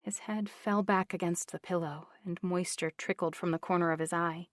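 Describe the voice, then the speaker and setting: A woman narrating a novel in an even, measured way. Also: fairly low pitch, no echo, studio quality. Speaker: audiobook narrator. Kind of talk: scripted narration.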